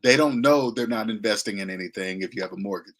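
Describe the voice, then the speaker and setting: A man's voice: on the low side, fast. A man giving a blunt, slangy money lecture in a casual monologue. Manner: blunt, lecturing, slangy, mocking voices he imitates. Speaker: finance commentator.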